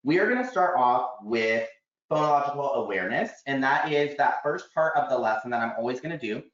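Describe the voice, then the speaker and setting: A man's voice: medium pitch, expressive, fairly quick, fairly bright tone. A man leading a teacher training webinar, explaining classroom routines step by step with examples over a video call. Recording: echoey room, slightly dull audio.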